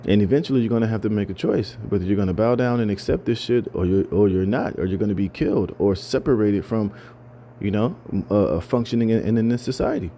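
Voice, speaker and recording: A male commentator reads through news items casually but emphatically, repeating himself, stammering, restarting, and filling gaps with "you know" and "man". His fairly low, mellow voice moves fast, with a little hiss or hum in the audio.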